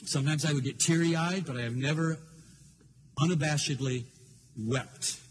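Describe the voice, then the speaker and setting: An older male pastor preaches in a high voice, earnest and openly emotional as he tells his story. Faint noise hangs behind him. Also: normal speed. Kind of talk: sermon.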